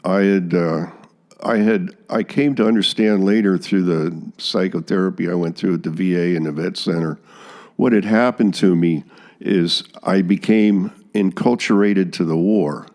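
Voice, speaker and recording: A man's voice: sits low, normal speed, a little mellow. An older man, a veteran, telling his story in an interview in a plain-spoken way and voicing the officers he quotes. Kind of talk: interview recollection.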